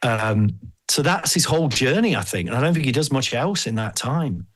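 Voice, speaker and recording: A man hosting a podcast, chatting casually in an animated, rambling, jokey way. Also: medium pitch, normal speed. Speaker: podcast host.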